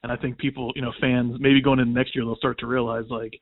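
A man's voice: mid-range voice, little pitch movement, fast talker, dry recording. A man, a guest on a podcast, giving easygoing, conversational sports analysis. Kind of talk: casual sports chat. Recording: tinny phone line, dry.

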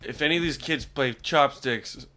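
A man co-hosting a podcast, trading crude deadpan gross-out jokes in casual banter. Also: medium pitch, moderate pace, background noise. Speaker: podcast co-host.

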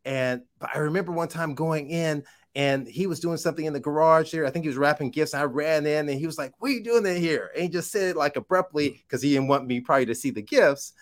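A man in his forties hosting a casual podcast conversation, cheering his guest on with quick affirmations and telling stories animatedly. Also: a little high. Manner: eager call-and-response affirmations, animated storytelling. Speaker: podcast host.

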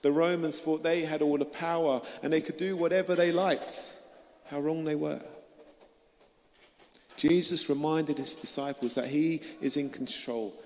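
Preacher guy, earnest, kinda high voice, lots of hall reverb. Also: darkish tone, a little hiss or hum. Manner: earnest, questioning the listeners directly. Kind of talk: sermon.

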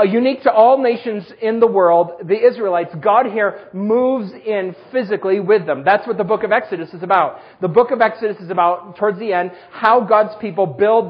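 A man preaching a sermon, telling personal stories with self-deprecating humor in a husky voice. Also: high voice, muffled recording. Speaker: pastor.

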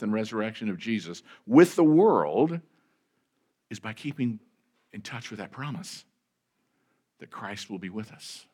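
A male pastor preaching a sermon in a conversational way, with fillers and restarts, stressing key phrases and letting sentence ends trail off quietly. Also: medium pitch.

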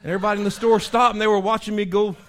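A man, a pastor preaching in a folksy, animated storytelling way, breaking into animal call imitations. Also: high voice, rapid-fire, a little hiss or hum.

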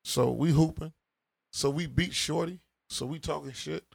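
A man's voice: a little high, normal speed, creaky, breathy edge. A man, telling a long, profane street story to friends and acting out the dialogue. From Chicago. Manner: animated, profane, acts out dialogue with laughs. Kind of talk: casual group chat, storytelling.

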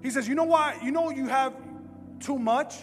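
Male preacher, high voice, emphatic and animated, long church reverb, music underneath. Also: moderate pace. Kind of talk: sermon.

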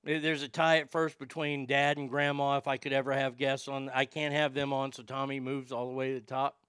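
A man hosting his own podcast, reading listener mail in a profane, excitable, rambling way. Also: medium pitch, fairly quick, smooth, no room sound, clean studio sound. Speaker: podcast host.

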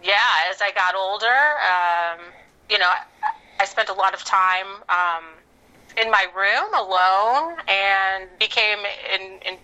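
Actress lady on a podcast, bright clear voice, laid back, lots of ums. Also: medium pitch, slow pace, low-quality recording. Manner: relaxed and easygoing, with frequent fillers. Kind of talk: casual interview chat.

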